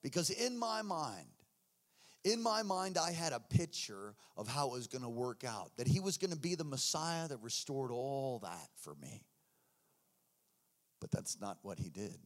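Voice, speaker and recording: A man preaching a sermon, telling his story with acted-out voices and shouts. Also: medium pitch, sing-song, unhurried. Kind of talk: sermon testimony.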